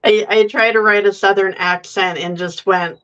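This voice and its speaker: A woman's voice: mid-range voice, fairly even intonation, moderate pace, a bit bright, highs cut off. Wry, joking woman author guest. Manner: wry, joking, laughing often. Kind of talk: casual chat.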